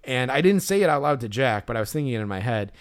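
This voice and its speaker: Man, podcast co-host, rambling story, smooth resonant voice. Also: medium pitch, expressive, quick pace. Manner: rambling storyteller, many fillers and restarts. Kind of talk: casual chat.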